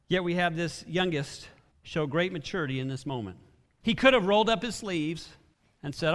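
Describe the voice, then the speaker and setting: A man's voice: a little high, lively intonation, normal speed, fairly bright tone. A man pastor giving a conversational sermon in a church hall, asking his listeners many rhetorical questions.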